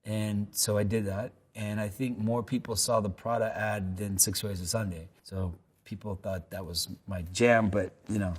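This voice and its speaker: A man with a lowish voice talks casually through a string of questions. He rambles and restarts, slipping into loose anecdotes with dry self-deprecation. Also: steady tone, moderate pace, hardly any pauses, husky. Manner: laid-back, rambling, self-deprecating storyteller. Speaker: actor answering web search questions. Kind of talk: casual unscripted answers and anecdotes. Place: lives in New York.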